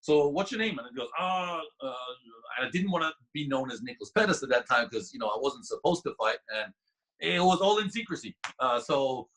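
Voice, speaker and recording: A man's voice: medium pitch, brisk, breathy edge, rough recording. A man guest on a podcast, telling a story casually with lots of restarts and laughter. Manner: animated, laughing, many restarts.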